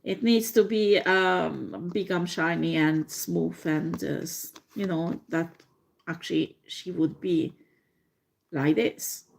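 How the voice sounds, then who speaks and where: A woman reading tarot in a slow, halting way, with many fillers and frequent laughter. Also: on the low side, fairly even intonation, vocal fry. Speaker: tarot reader.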